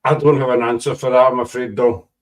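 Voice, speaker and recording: A man's voice: mid-range voice, level tone, quick pace, low-quality recording. A man, hosting a casual chat and rambling through stories with many asides. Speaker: podcast host.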